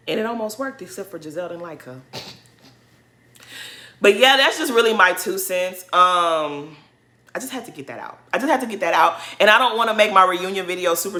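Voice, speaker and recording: Woman, sassy and emphatic, bright tone, casual vlog commentary. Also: on the low side. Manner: sassy, emphatic, mocks others in put-on voices. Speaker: reality TV recap vlogger.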